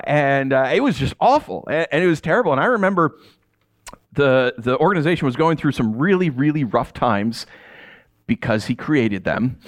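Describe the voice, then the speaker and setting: A middle-aged man preaching a sermon, telling a personal story and acting out the dialogue. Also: medium pitch. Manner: storytelling, animated, acts out dialogue. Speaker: pastor.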